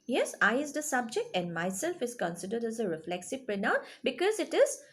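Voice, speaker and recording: A woman's voice: fairly high pitch, very animated, brisk. A woman teaching a grammar lesson to children, explaining patiently and checking in with questions. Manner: explains patiently, checks in with rising "yes?" and "okay?".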